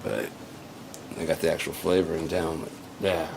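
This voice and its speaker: A man's voice: a bass voice, flat delivery, normal speed, gravelly, slight background noise. A man talking in a casual, rambling monologue as a solo podcaster, swearing freely and flaring up indignant as he tells his story. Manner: profane, rambling storyteller who flares up indignant.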